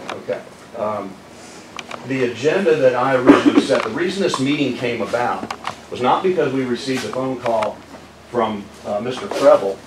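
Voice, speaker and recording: A man speaking as county manager at a public meeting, measured and apologetic with frequent fillers. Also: mid-range voice, lively intonation. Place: community meeting room. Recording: echoey room from far off, noisy.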